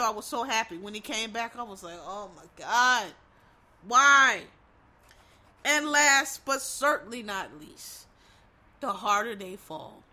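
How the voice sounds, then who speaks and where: A woman's voice: mid-range voice, pushed and bright. A woman vlogger giving blunt, profane, emphatic opinions in casual commentary, full of rambling asides. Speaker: vlogger reviewing films and shows.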